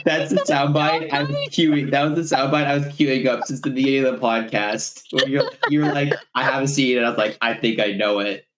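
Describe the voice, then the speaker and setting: A man's voice: medium pitch, steady tone, fairly quick, few pauses, echoey room, background noise. A man co-hosting a podcast in casual chat, playful and dry. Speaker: podcast co-host.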